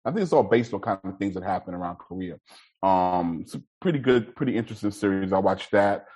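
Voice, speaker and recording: A man's voice: low-pitched, animated, quick pace, darkish tone, slightly rough, rough recording. A man hosting a casual chat, talking loosely in slang and laughing often. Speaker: podcast host.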